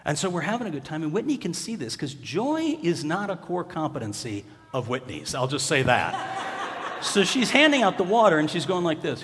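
A preacher in a reverberant church. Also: male voice, a little high, sing-song, fairly quick, noisy background. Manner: humorous, conversational, builds to loud emphatic peaks. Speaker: pastor. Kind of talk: sermon. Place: church sanctuary.

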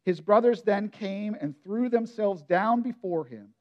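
Guy preaching a sermon, pretty high voice, chatty and expressive, keeps asking the crowd stuff. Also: a little slow, few pauses, muffled recording. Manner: conversational, expressive preaching with direct questions to listeners. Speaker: pastor.

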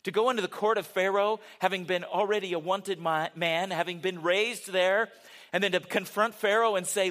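An older man delivers a sermon in an earnest, conversational way. His voice sits high for a man, and he often drops to a soft, low-volume delivery to drive points home. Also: steady tone, moderate pace. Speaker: pastor.

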